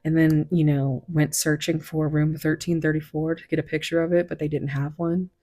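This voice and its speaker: A woman giving a casual tarot reading, hoarse from a recent illness, chatty and rambling, laughing often and dropping into whispered asides. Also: deep voice, level tone, moderate pace, mellow. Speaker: tarot reader.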